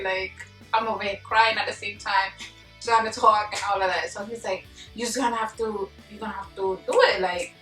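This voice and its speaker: A young woman vlogger telling a story casually and animatedly, full of slang and acted-out yelling. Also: mid-range voice. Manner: animated, slangy, acts out her own yelling. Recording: echoey room, mic at a distance, faint music.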